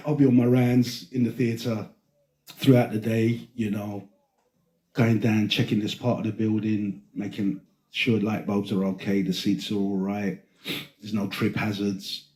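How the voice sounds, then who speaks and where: A man's voice: on the low side, little pitch movement, a little slow. A man hosting a podcast, telling stories in casual chat, rambling, laughing and swearing as he goes. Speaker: podcast host. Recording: roomy echo.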